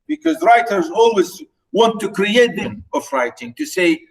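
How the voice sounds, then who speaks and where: A man whose first language is Arabic lecturing on literature, explaining slowly with repeated words and many fillers. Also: high-pitched, sing-song, recorded from a distance, rough recording. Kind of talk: recorded lecture.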